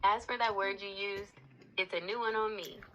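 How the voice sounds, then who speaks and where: A woman's voice: medium pitch, steady tone, moderate pace, lo-fi sound, noisy background. A female AI assistant voice answering politely and earnestly, sometimes borrowing a folksy drawl. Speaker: AI chat assistant. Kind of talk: AI voice answering on a livestream.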